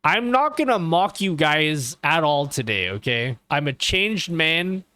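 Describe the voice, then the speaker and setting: A man's voice: on the high side, big pitch swings, measured pace, sharp tone, dry recording. A man chatting casually on a live stream, rambling, swearing and often checking in with his viewers. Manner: rambling and profane, keeps asking okay. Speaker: livestreamer.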